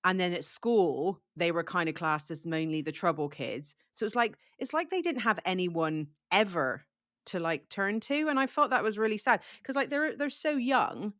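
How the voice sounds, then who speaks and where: A woman talks through a book in easy, rambling chat, her voice a little low and stuffy from a cold. She keeps restarting her sentences and leaning on "like". The sound is dry and close. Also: animated, normal speed, fairly bright tone, no echo. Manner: chatty, lots of likes and restarts. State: has a cold, coughing. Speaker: book discussion co-host.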